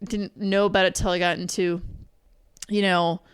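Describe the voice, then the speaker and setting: A woman's voice: on the low side, little pitch movement, moderate pace, smooth, no echo. A woman in her thirties co-hosting a podcast, chatting casually and rambling with many restarts. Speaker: podcast co-host. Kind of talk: casual chat.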